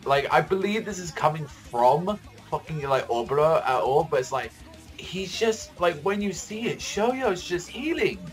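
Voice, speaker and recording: A man giving casual reaction commentary on a manga chapter, excitable and profane, rambling with lots of fillers. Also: fairly high pitch, a little slow, soft background music.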